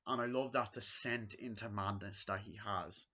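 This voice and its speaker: A man's voice: fairly low pitch, steady tone, moderate pace, sharp tone. A man casually reviewing a movie, rambling and packing his talk with fillers like "um" and "you know". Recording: dull lo-fi recording.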